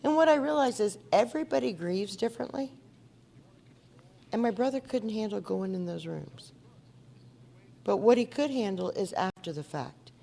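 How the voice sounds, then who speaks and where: Her voice is mid-range and dark, expressive, with vocal fry and a moderate pace broken by frequent pauses. She's a woman from Indiana telling her story at a recovery meeting before an audience in a meeting hall, speaking earnestly and conversationally and asking the crowd questions.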